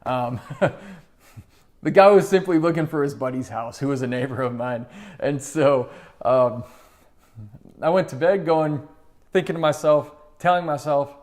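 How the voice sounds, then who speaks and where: A man's voice: on the high side, measured pace, long pauses. A middle-aged man telling a personal story in an earnest, conversational way, acting out the voices in it. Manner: conversational, earnest, animated retelling with quoted voices. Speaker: motivational speaker. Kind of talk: storytelling monologue.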